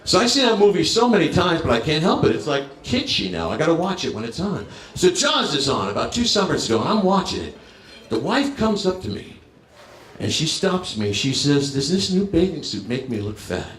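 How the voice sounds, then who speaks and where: A man's voice: fairly high pitch, big pitch swings, moderate pace, a bit bright, echoey room, a little hiss or hum. A man in his fifties from New Jersey doing a brash, crowd-working stand-up set. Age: 50s. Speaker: stand-up comedian. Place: bar stage.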